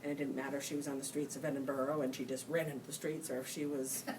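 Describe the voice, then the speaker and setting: A woman with a low voice speaks on a discussion panel, earnest and quick-minded, with many fillers. She sits some way from the mic, and clear room noise comes through. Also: level tone, distant mic. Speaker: panelist, child of a brain injury survivor.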